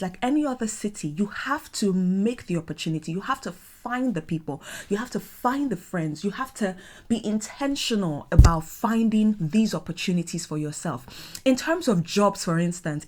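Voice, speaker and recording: A young woman from Nigeria with a Nigerian accent, talking in an animated, dramatic, exclamatory vlog style. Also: lowish voice. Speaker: vlogger. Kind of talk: casual vlog talk.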